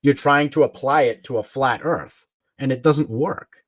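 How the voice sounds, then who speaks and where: A man's voice: mid-range voice, a little slow, no echo. A man hosting a livestream, ranting in a combative, mocking way, swearing and chuckling between jabs. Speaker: livestream host.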